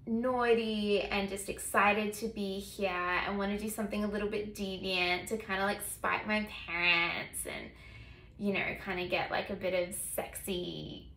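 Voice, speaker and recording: A woman's voice: medium pitch, vocal fry, fairly bright tone. A woman vlogger telling a personal story in a casual, chatty way, full of "like" fillers. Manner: chatty, filler-heavy, lots of "like". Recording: echoey room.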